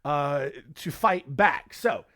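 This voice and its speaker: A man's voice: on the high side, animated, slow, fairly bright tone. A man hosting a casual history podcast, jokey and rambling, with many filler words. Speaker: podcast host.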